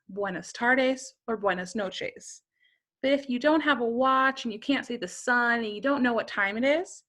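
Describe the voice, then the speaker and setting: Slow, high-voiced woman teaching Spanish. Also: fairly bright tone. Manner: slow, careful modeling of Spanish phrases. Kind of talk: beginner language lesson.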